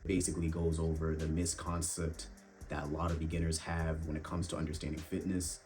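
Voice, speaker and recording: A young man with a very deep, low voice delivers blunt, swear-filled dating advice in a casual monologue. He keeps addressing the listener as bro. Faint music plays underneath. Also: level tone, a little fast, a little mellow. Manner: blunt, profane, calls viewers bro. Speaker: fitness and dating vlogger.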